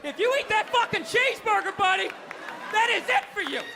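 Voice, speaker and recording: A man's voice: very high voice, expressive, a little fast, creaky, a crowd in the background, background noise, pitched above the performer's own voice, heavily acted. A man doing a mock-solemn impression of a preachy priest laying down threatening rules. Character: stern preachy male priest issuing rules.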